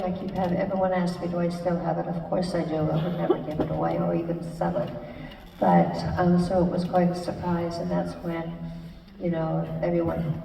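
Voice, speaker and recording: Older woman guest, low gravelly mellow voice, halting live storytelling, heard far off in a reverberant hall. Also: a little hiss or hum. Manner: halting, warm storytelling with many fillers and restarts. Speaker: guest telling her life story. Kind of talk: live stage conversation with audience. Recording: echoey hall, speaker far from mic.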